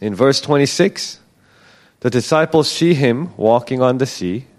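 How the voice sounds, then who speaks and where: A man's voice: medium pitch, animated, a little slow, a little mellow. A man giving a casual Bible teaching, talking conversationally and acting out the quoted lines.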